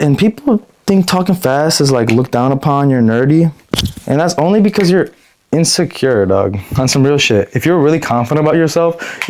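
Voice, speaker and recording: A young man talking straight to camera in an unedited vlog, blunt and profane, rambling with restarts and a pace that speeds up and slows down. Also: mid-range voice, darkish tone. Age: young adult. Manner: quick, shifting pace; frequent restarts and self-corrections. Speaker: vlogger.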